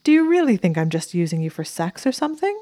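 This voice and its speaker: A woman voicing a clever, sharp-tongued young witch, brisk, teasing and quick to take offence. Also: lowish voice, fairly even intonation, dry recording, studio quality, close to an everyday voice.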